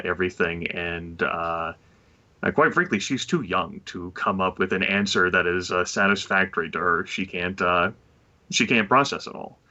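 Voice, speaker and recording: A man describing his character's actions as a player in a tabletop role-play, halting and full of fillers. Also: low-pitched, pushed and bright, highs cut off.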